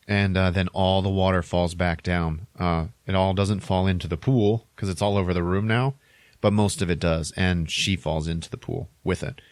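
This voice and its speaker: Low-voiced man rambling through a story. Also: moderate pace, no echo. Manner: rambling, animated storytelling with sound effects. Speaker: podcast host. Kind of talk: casual movie plot recap.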